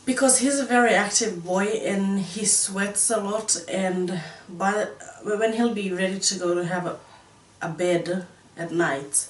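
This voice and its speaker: Slow, soft-spoken young woman from Far North Queensland. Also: medium pitch, slight background noise. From Far North Queensland, Australia. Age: young adult. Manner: soft-spoken, short answers. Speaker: guest, young mother. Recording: echoey room, mic at a distance.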